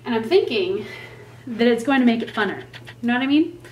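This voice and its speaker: A woman's voice: a little high, expressive, fairly quick, darkish tone, dull audio. A woman vlogging casually about her vacation, chatty and playful, often laughing. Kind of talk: casual travel vlog. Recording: echoey room, faint noise.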